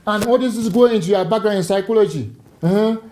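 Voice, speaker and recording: A man's voice: high-pitched, fast talker, darkish tone, poor audio. A man from Cameroon, a priest and author talking as a guest on a talk show, telling stories with animation and repeating words as he starts each thought.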